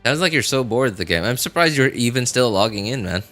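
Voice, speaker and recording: A man's voice: medium pitch, animated, fast, fairly bright tone. A man on a casual gameplay livestream, sleepy and yawning, rambling as he talks back to his viewers' chat. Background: faint game music.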